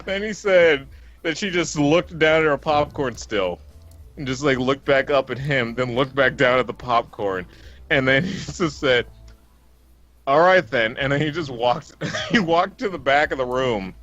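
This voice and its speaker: A man's voice: medium pitch, moderate pace, a bit bright. Rambling, laughing man on a muffled stream. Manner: rambling storyteller, laughs often mid-sentence. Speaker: let's play co-host. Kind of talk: casual chat.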